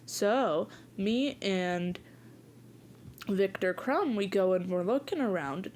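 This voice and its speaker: A woman's voice: mid-range voice, expressive, slow pace, darkish tone, slight background noise. A young woman casually improvising a rambling story, chatty and giggly. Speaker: video creator.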